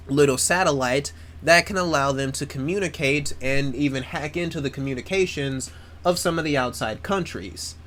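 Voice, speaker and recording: A man's voice: medium pitch, fairly bright tone. A man in casual chat, rambling with plenty of restarts, swearing freely and mocking himself. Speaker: video creator.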